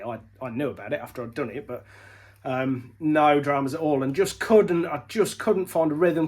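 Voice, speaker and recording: A man recovering from illness, short of breath, giving a rambling casual vlog update from his workshop, full of fillers and restarts. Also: on the high side. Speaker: motorbike racer vlogging.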